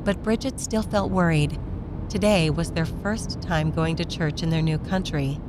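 Gentle low-voiced woman reading a children's story. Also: measured pace, background noise. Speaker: narrator. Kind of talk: scripted narration of a children's story.

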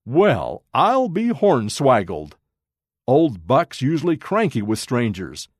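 A man voicing a gruff, blunt bearded wagon driver with a growling delivery in a storybook reading. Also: medium pitch, big pitch swings, moderate pace, a little mellow, no echo, clean studio sound. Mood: amused. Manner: gruff, short-spoken.

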